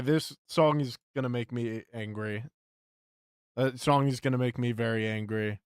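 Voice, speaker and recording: Young man, live streamer, frustrated, swearing, smooth clear voice, dry sound. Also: medium pitch, fairly even intonation, unhurried, no echo. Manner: frustrated, swearing, repeats himself. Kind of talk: casual live-stream chat.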